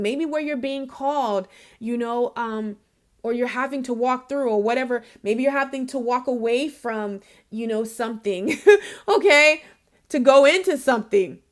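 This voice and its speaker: A woman giving a casual spiritual reading to her viewers. She is chatty and emphatic, laughs often, and speaks straight to the listener to encourage them. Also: sits high. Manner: encouraging, addresses the listener directly. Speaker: intuitive reader.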